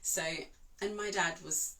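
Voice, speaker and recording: A woman's voice: medium pitch, steady tone, a little slow, bright, forceful tone, low-quality recording. A woman from Italy, an opera singer and vocal coach, chatting casually to her online class in a rambling way with many fillers and restarts.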